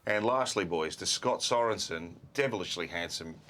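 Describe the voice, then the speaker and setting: A man's voice: sits low, normal speed, bright, forceful tone, a little hiss or hum. A man, presenting a sports show and asking teasing, incredulous questions. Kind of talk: casual chat.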